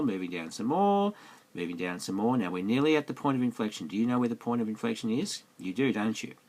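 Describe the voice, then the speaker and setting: A man teaching maths in a screencast lesson, chatty and coaxing, throwing many questions at the viewer. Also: on the low side. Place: indoors, voice-over on a tablet screencast.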